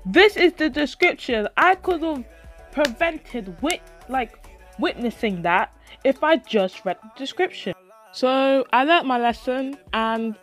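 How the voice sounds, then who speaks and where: High, lively young woman vlogger. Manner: dramatic, swears, acts out reactions. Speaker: YouTube vlogger. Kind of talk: animated storytime retelling.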